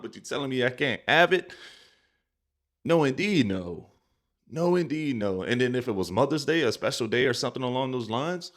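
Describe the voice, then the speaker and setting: A man hosting a reaction show, talking in an emphatic, slangy, exasperated way. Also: medium pitch. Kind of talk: casual reaction commentary.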